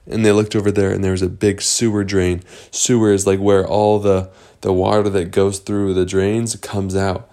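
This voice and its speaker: A man improvising a bedtime story for a child, unhurried, explaining words along the way. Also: low-pitched, level tone, mellow.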